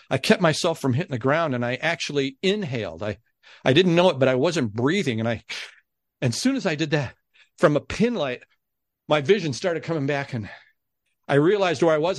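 Guy telling a story on a podcast, kinda high voice, lively, dry mic. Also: no room sound. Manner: animated storyteller who acts out the voices of people he quotes. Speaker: podcast guest, TV announcer. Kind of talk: casual storytelling.

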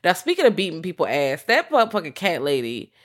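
Co-host, profane animated storyteller, mid pitch. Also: quick pace, noisy background. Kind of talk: casual chat.

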